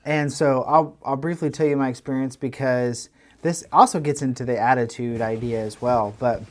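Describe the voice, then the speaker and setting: A man, co-hosting a podcast and telling a long story in a casual, animated way with lots of restarts. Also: medium pitch, normal speed. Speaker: podcast co-host. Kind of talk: casual chat.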